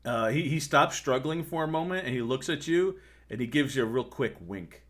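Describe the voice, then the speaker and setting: A man's voice: medium pitch, expressive, moderate pace. Chuckling man running a tabletop game. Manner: laughing often, filler-heavy narration. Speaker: game master.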